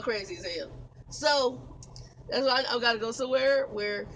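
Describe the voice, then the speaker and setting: A trucker with a very high-pitched, creaky, fairly bright voice speaks animatedly at a moderate pace, rambling through a long, exasperated story to his camera in the cab with bursts of laughter. This casual vlog is a rough recording with a little hiss or hum.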